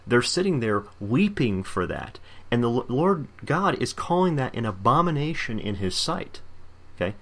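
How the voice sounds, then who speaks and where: A man preaching a fervent sermon, reading scripture slowly and commenting with emphatic repetition. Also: mid-range voice, sing-song. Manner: fervent, emphatic, repeats words.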